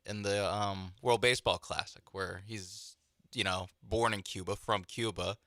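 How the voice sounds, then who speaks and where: A man co-hosting sports talk radio, joking and riffing in quick asides. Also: fairly low pitch, fairly even intonation, bright, forceful tone, dry recording, clean studio sound.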